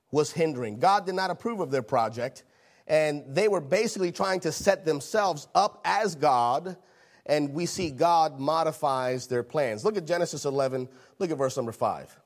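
A man preaching a sermon, animated, repeating phrases and acting out the voices in the scripture he reads. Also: fairly high pitch.

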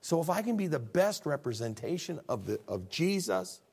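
Preacher guy, kinda high voice, gets fired up then goes soft, repeats himself building up. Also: big pitch swings, moderate pace, breathy edge. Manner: earnest preaching, swings from quiet to loud and fervent; repeats words when building a point. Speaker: pastor. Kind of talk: sermon.

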